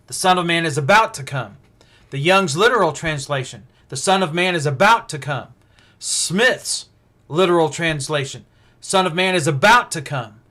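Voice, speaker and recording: Leading an unscripted Bible study on a livestream, this man speaks at a slightly high pitch. His casual teaching wanders as he thinks aloud, often restarting and using fillers.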